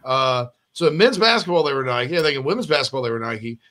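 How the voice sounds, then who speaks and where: A man hosting a sports podcast, chatting casually in a rambling, animated way with frequent restarts. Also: medium pitch, fast talker.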